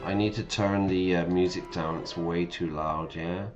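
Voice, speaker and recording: Slow, low-voiced man teaching from a game. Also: steady tone, lo-fi sound, soft background music. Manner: patient, checks in with listeners with "yeah?". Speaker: English teacher streaming a game. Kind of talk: reading game text aloud and explaining words to learners.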